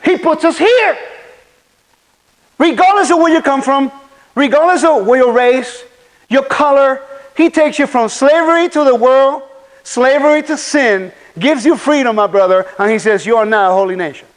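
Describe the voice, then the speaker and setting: A man's voice: very high voice, moderate pace, rough recording. A man giving a conference sermon, preaching animatedly and putting rhetorical questions to the audience. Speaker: conference speaker. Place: conference hall.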